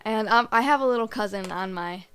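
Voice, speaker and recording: A woman's voice: mid-range voice, a little fast, fairly bright tone, clean tone. A teenage girl guesting on a casual podcast, telling mishap stories in a laid-back way. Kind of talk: casual storytelling chat.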